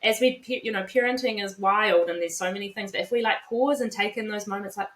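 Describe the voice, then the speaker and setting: A woman in her thirties, a psychologist guest, explaining calmly with everyday examples. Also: mid-range voice. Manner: calm, measured, explains with examples. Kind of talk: conversational explanation. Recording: roomy echo.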